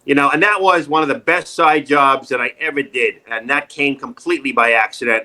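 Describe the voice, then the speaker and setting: A middle-aged man with a New York accent, telling jokey stories in a casual interview, animated and wisecracking. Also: mid-range voice. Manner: animated, wisecracking, jumps into quoted voices. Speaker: actor and comedian, interview guest. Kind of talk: casual interview, joking storytelling.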